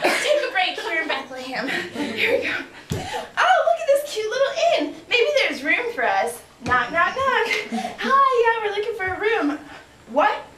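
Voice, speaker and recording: A woman's voice: extremely high pitch, sing-song, normal speed, noisy background. A woman comedian playing a sassy, crude young Mary in a live one-woman sketch, talking in a brash, giggly, exaggerated way. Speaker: stand-up comedian. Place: stage before a live audience. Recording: distant roomy live stage with audience laughter.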